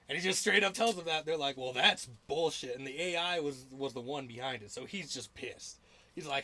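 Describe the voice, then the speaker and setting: Bright-voiced young man chatting casually. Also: on the high side, normal speed. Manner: rambling and profane, lots of filler words and laughter. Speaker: podcast host. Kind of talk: casual chat.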